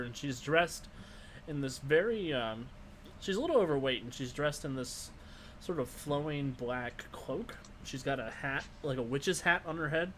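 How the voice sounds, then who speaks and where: A man's voice: mid-range voice, fairly bright tone, slight background noise. A man narrating a tabletop role-playing game as game master in a loose, descriptive way.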